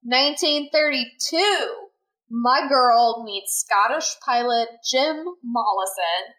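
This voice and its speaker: A high-voiced, bright woman, a podcast co-host who tells a history story in a loose, cussing, jokey way. Her voice leaps up into excited squeals for the punchlines. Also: takes it slowly, low-quality recording. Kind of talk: casual storytelling chat.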